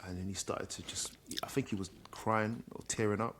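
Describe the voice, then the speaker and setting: A man's voice: lowish voice, steady tone, fairly quick, fairly bright tone, in a whisper. A middle-aged man, a guest, candidly telling a personal story in a reflective way. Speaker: guest, social worker.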